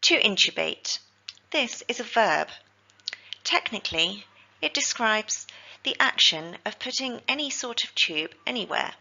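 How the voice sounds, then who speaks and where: A woman, teaching healthcare vocabulary in a scripted lesson, with slow, careful pronunciation drills. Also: a little high, lively intonation, gravelly, sharp tone, lo-fi sound.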